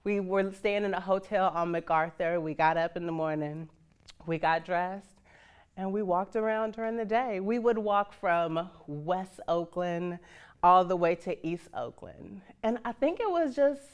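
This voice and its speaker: With a fairly low, clear, resonant voice and a slightly slow pace, a Northern Californian woman in her fifties tells her life story candidly. She's frank and salty, laughs throughout, and voices the people she quotes.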